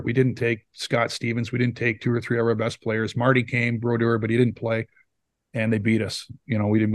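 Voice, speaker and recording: A middle-aged man, a former hockey player telling stories in a casual interview, rambling and animated with lots of fillers. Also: medium pitch, no echo. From Saskatchewan, Canada. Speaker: former pro hockey player, now scout. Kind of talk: casual storytelling in a podcast interview.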